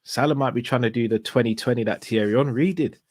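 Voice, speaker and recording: A man hosting a casual live stream, reading out viewer messages in a relaxed, slangy way and giving shout-outs. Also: medium pitch, quick pace, no echo.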